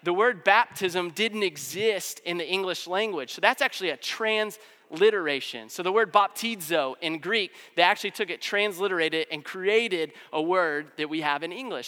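A man preaching a sermon in a relaxed, conversational way, filling his explanations with casual fillers. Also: high-pitched, normal speed. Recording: long hall reverb.

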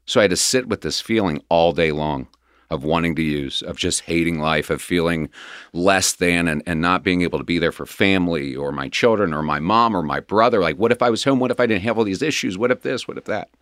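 A middle-aged man earnestly shares his personal recovery story in a candid, wandering, conversational way, emotional and full of restarts and quick laughs. His voice sits low with a bit of brightness, and the recording is clean studio sound with no room echo.

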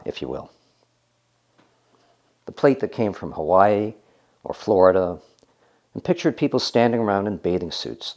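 A man narrating a scripted story in a reflective, gently wry manner. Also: lowish voice, breathy edge.

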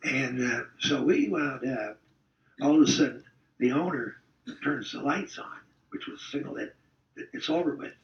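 A man's voice: mid-range voice, normal speed. An older man, a former football player, telling rambling, salty stories in a casual interview. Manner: rambling, salty, chuckling storyteller. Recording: distant, roomy, dull-sounding recording.

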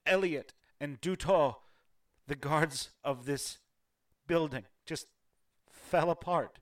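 A man's voice: on the high side, slow pace, pitched above the performer's own voice. A man voicing a distraught noble half-elf widow, speaking formally in a raised, shaking voice. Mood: grieving.

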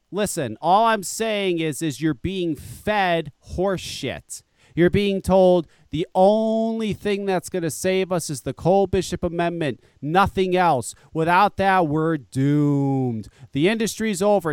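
High, animated man ranting profanely. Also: unhurried, smooth, no room sound, studio quality. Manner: angry, profane ranting with mocking quoted voices. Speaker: live show host. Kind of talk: profane ranting talk show.

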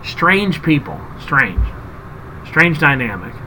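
A man's voice: a little high, takes it slowly, slight background noise, low-quality recording. A man hosting a podcast, telling a story in casual chat and acting out the people in it. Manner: animated storyteller, acts out quotes. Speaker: podcast host.

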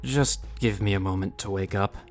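Woman doing a gruff, groggy young man. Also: extremely low pitch, moderate pace, pitched below the performer's own voice. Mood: grumpy. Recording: faint music behind.

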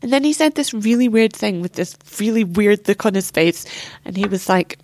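A woman's voice: mid-range voice, animated, normal speed, darkish tone, dry recording. A young woman telling a painful personal story as an interview guest, candid and swearing, acting out what others said.

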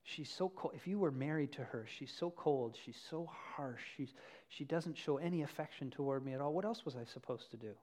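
A preacher plays an unfaithful husband making excuses. He speaks softly and low and sounds sorry for himself. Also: fairly quick, lightly acted. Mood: self-pitying. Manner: quiet, low, self-pitying.

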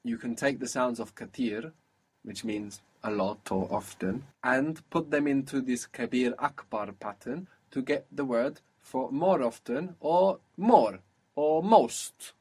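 A man teaching a one-on-one spoken language lesson, patiently explaining and modelling words slowly. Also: mid-range voice, darkish tone, husky.

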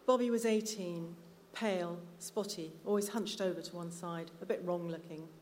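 Woman, author, live reading, low voice, measured, reverberant hall. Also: steady tone, darkish tone, a little hiss or hum. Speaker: author reading her story. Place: live literary night venue. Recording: reverberant hall with faint ambience.

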